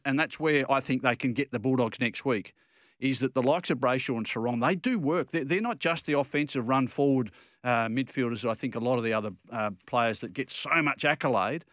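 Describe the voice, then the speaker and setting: A man's voice: medium pitch, expressive, moderate pace, fairly bright tone, dry recording, clean studio sound. An Australian man co-hosting a football radio show, talking in an opinionated, rambling way with frequent restarts. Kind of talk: casual radio chat.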